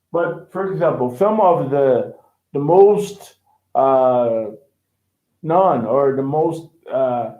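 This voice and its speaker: A man whose first language is Portuguese, teaching English in a casual, animated way, often repeating words and acting out quotes. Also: a little high. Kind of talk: casual lesson commentary. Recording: echoey, phone-like sound.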